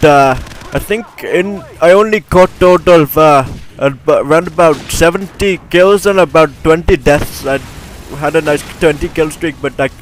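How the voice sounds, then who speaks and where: Male gamer, high voice, excitable rambling commentary with frequent swearing. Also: a little hiss or hum. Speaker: gamer commentating his own match. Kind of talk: casual gameplay commentary.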